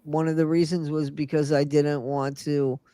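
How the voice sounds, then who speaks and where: A woman's voice: sits low, flat delivery, moderate pace, warm tone, dry recording. An older woman co-hosting a casual livestream chat, sleepy after working nights and rambling as she talks. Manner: rambling, trails off, repeats herself. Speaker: co-host of a livestream chat show.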